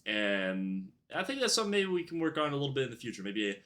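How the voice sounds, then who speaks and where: A man's voice: mid-range voice, big pitch swings, fast talker, a bit bright. A young man telling a storytime vlog about his retail job in a casual, rambling way, full of fillers and restarts. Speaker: YouTuber telling a work story.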